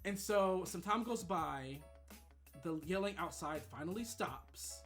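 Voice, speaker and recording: A man streaming, telling a gossipy story in a casual, animated way and acting out other people's voices. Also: sits high, takes it slowly, soft background music.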